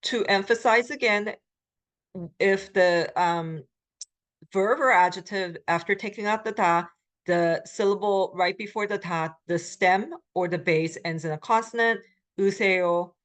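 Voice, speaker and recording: A middle-aged woman giving a recorded language lecture as the instructor, explaining patiently with frequent ums and pauses. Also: mid-range voice, a bit bright.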